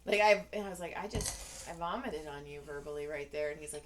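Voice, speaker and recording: A woman's voice: deep voice, a little fast, background noise. A woman co-hosting a podcast in casual chat, telling stories and acting out each side of a conversation. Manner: animated storyteller acting out conversations. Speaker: podcast co-host.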